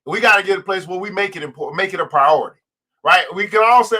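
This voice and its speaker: A man's voice: high-pitched, quick pace, bright, forceful tone. A man hosting a livestreamed finance show, talking straight to his viewers and greeting them by name, in a fired-up, preacher-like way that stretches out key words. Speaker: host.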